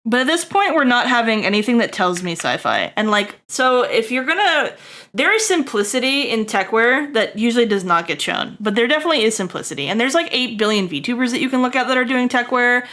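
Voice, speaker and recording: A woman's voice: lively intonation, a little fast. A woman streamer giving a casual character design critique, rambling with lots of fillers and checking in with "right?". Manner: jokey asides to chat, bursts high and loud.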